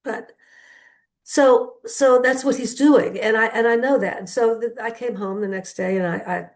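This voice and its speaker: A woman's voice: a little high, fairly even intonation, normal speed. Wry older woman telling stories. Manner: rambling, wry storytelling with asides. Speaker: comedian. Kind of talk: stand-up storytelling.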